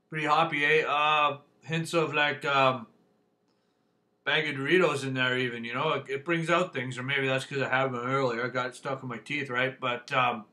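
A man's voice: mid-range voice, bright, forceful tone. A man reviewing a beer on his channel, talking casually in a rambling, folksy way, full of fillers and "eh".

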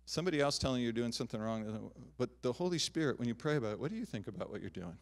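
A middle-aged man preaching a sermon as pastor, swinging from loud emphatic declarations to soft, quiet asides. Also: mid-range voice, racing. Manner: animated preaching, rising loud on emphatic lines, dropping soft on personal asides. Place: church sanctuary.

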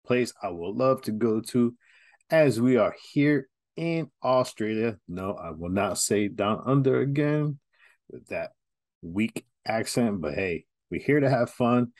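A man's voice: fairly low pitch, a little mellow, no room sound. Chatty male film-review host, dry sound. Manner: chatty, candid, direct to viewers. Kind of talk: casual review talk.

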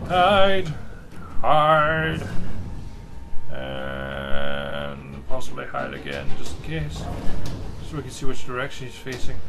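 A man with a Scottish accent giving casual, chatty let's-play commentary and teasing the game as he plays. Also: mid-range voice. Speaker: gamer playing a game.

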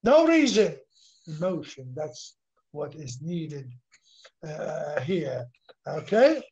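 Slow, high-voiced man lecturing on literature. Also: a little mellow. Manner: repeats words, asks questions and answers them himself; switches into Arabic briefly. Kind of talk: classroom lecture. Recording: dull lo-fi recording.

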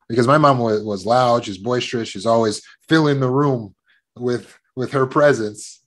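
A man of middle pitch speaks as a trauma recovery coach, moving from a personal childhood story into self-help advice. He talks in a warm storytelling way, often repeating words and breaking into laughs. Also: unhurried.

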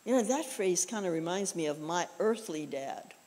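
A woman's voice: lowish voice, lively intonation, normal speed, dark tone, in a large hall. A woman preaching a conversational sermon, telling personal stories in a folksy way with frequent "you know" asides. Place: church.

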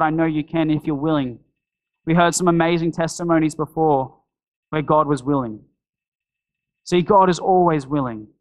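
A man's voice: fairly high pitch, rough recording. A man preaching a sermon in a church, earnest and pleading, voicing prayers to God along the way. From Australia.

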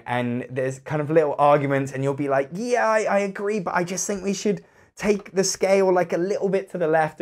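Man, croaky voice, casual game review, chatty, animated, acts out friends' remarks. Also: a little high.

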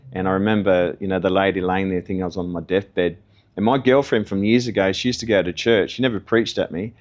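Earnest man telling his story. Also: sits low. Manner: earnest, conversational storytelling with acted quotes. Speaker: testimony guest. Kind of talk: personal testimony.

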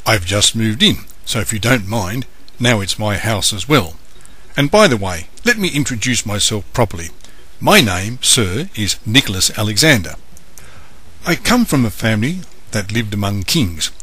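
A man's voice: on the low side, lively intonation, moderate pace, bright, forceful tone, breathy edge, exaggerated voice. A man voicing a small, formal, courteous male mouse who keeps saying sir. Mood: prim.

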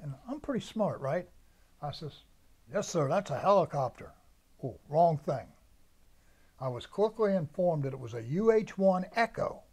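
Older male veteran, somewhat high voice, storyteller who acts out his old sergeants' orders. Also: lively intonation, moderate pace, darkish tone, breathy edge. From United States. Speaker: veteran interviewee. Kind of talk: oral history recollection.

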